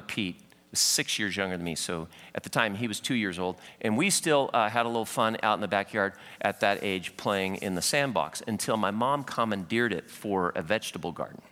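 Bright-voiced preacher in an echoey hall. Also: male voice, on the low side. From Southern California. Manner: animated storytelling. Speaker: pastor. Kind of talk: sermon.

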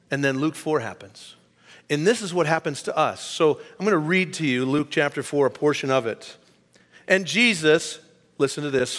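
A middle-aged male pastor delivers a sermon with a somewhat high voice. He leans hard into his points, then falls to a hushed near-whisper. The sound carries a long reverb from a large church hall. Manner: emphatic preaching, rising and dropping to a quiet hush.

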